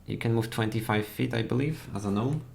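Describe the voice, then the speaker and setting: A man narrating as dungeon master for a tabletop game, halting and full of fillers. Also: lowish voice, gravelly, a little mellow, a little hiss or hum.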